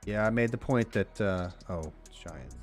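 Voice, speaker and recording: A man's voice: sits low, animated, unhurried, soft background music. A man co-hosting a podcast in casual chat, blunt, swearing casually and laughing often. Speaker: podcast co-host.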